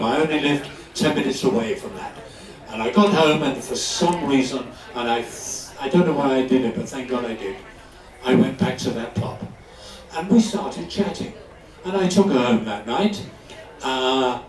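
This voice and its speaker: Older man telling lively stage anecdotes. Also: mid-range voice. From London. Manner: animated anecdotes, often laughing. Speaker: guest actor. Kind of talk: live stage storytelling. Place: stage in a club hall before an audience. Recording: echoey hall, distant mic.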